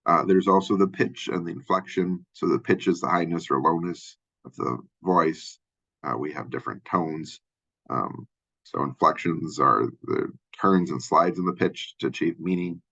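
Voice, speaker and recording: A man from Minnesota with a Minnesotan accent and a deep voice, giving a casual college lecture full of fillers and restarts. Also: normal speed, gravelly, bright, forceful tone, husky, lo-fi sound. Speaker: college instructor. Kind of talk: lecture overview of a textbook chapter.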